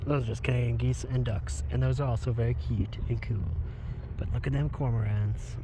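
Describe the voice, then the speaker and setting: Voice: mid-range voice, steady tone, a little fast, background noise. Chatty book reviewer walking outdoors. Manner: chatty and enthusiastic, many fillers. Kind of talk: casual chat while walking. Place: outdoors by water on a walk.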